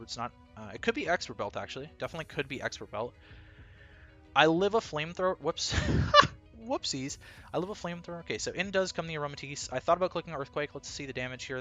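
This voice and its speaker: A man narrates his own competitive battle in real time, working through each decision aloud. His voice is bright and swings widely in pitch, jumping up in disbelief when something surprises him. Faint music runs quietly underneath. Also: lively intonation, fast talker, hardly any pauses. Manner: analytical, thinking aloud, incredulous bursts. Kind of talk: live gameplay commentary.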